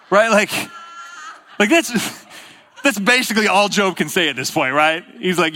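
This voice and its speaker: A man's voice: high-pitched, expressive, moderate pace, long pauses. Man preaching in a long-echo hall. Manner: conversational storytelling, rises to emphatic bursts, drops to hushed quiet. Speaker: pastor. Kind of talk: sermon. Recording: long reverb of a large hall.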